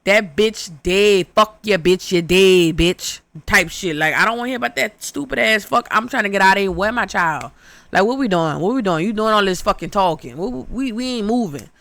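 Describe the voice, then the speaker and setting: A woman's voice: medium pitch, a little fast, gravelly, no room sound. A young adult woman casually recapping a horror movie for laughs, swearing constantly and acting out the characters with big voices. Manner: profane, animated, acts out characters with exaggerated voices.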